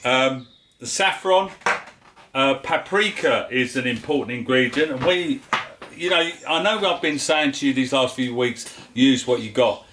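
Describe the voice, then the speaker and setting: A man with a London accent hosts a homemade cooking vlog in a relaxed, chatty way. He cracks little jokes and fills gaps with "um" and "uh." His voice sits in an ordinary middle pitch. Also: measured pace, background noise. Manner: chatty and jokey, with filler words. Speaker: cooking show host. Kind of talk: casual home cooking vlog.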